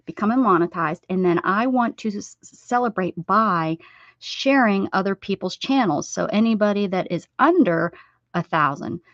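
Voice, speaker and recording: A woman hosting a casual craft livestream, rambling and chatting warmly with viewers as she sews. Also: medium pitch, expressive, moderate pace, dry recording. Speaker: livestream host. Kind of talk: casual livestream chat while sewing. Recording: dull, dry lo-fi sound.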